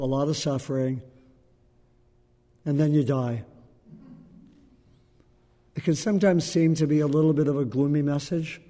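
A man giving a gentle, unhurried dharma talk to a group as a meditation teacher, pausing often. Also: a little high, in a large hall. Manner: gentle, unhurried, with frequent pauses and fillers.

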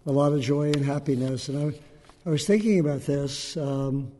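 A man giving a gentle, unhurried dharma talk to a group as a meditation teacher, pausing often. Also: on the high side, fairly even intonation, long reverb tail. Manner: gentle, unhurried, with frequent pauses and fillers.

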